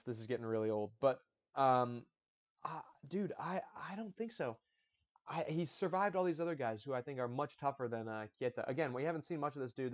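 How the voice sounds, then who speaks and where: A man's voice: mid-range voice, a little mellow. A man hosting a casual solo talk on fight predictions, rambling and interrupting himself with slangy asides. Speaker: MMA fight predictions host. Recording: dull lo-fi audio.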